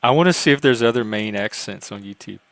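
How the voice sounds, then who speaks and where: A curious man chats casually and keeps asking probing questions. His voice sits fairly low. The sound is dry and close. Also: quick pace, a bit bright, dry recording. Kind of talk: casual livestream chat.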